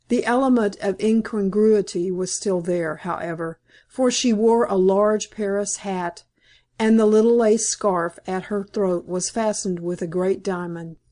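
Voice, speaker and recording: A woman reading a classic novel aloud as an audiobook narrator, in a measured, composed manner. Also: medium pitch, steady tone, mellow.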